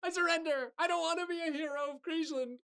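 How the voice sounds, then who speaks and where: A game master voicing a cowardly male wizard who wails in shrill cries. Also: steady tone, fast talker, creaky, a bit bright, full character voice. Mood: pleading.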